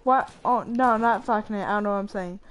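A woman's voice: mid-range voice, a little fast, crowd noise. A young woman chatting casually with friends while playing a game, often trailing off with fillers. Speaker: gamer streamer. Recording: faint noise and clicks.

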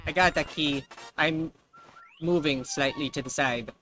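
A man's voice: fairly high pitch, unhurried, pushed and bright, slight background noise, poor audio. A man hosting a let's play, giving casual gameplay commentary with sarcastic jokes aimed at the game. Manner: sarcastic and jokey, talks back to the game.

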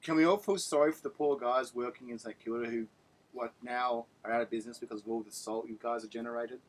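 A man's voice: medium pitch, steady tone, quick pace, rough recording. A man on a podcast, playfully mocking his co-hosts. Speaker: podcast co-host. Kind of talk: casual podcast banter.

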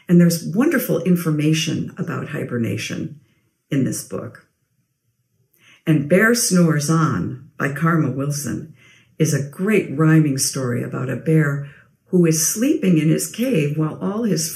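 A woman librarian talking gently and simply to young children at a storytime. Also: sits low, creaky, echoey room.

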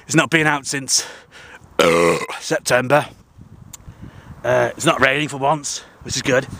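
A man's voice: mid-range voice, lively intonation, unhurried, creaky, bright, forceful tone. A man in his forties with a Northern English accent, talking a rambling, crude, jokey vlog outdoors on sand dunes by the sea, out of breath from climbing. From England. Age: 40s. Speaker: vlogger.

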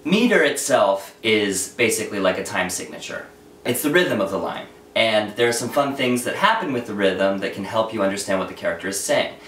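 Low-voiced man teaching acting in an echoey room. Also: lively intonation, a bit bright, far from the mic. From New York. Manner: earnest, explanatory, quick asides. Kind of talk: video acting lesson. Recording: echoey room, voice set back from the mic, faint noise.

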